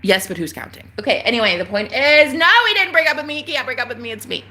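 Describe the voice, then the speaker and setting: Animated bright-voiced young woman. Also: fairly high pitch, fast talker. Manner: animated, swearing, swings between loud outbursts and hushed murmurs. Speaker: livestream host. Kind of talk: casual rambling storytelling.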